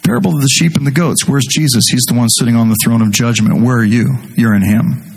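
A man preaching a sermon, conversational and animated as he tells stories, reading scripture slowly and deliberately. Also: mid-range voice, creaky, slightly rough, poor audio. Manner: conversational, animated storytelling with rising intensity.

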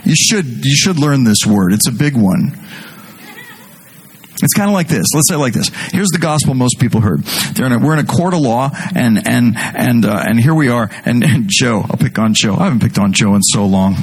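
A middle-aged man preaching a sermon as pastor, animated and jokey, speaking directly to his congregation. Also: medium pitch, normal speed, husky.

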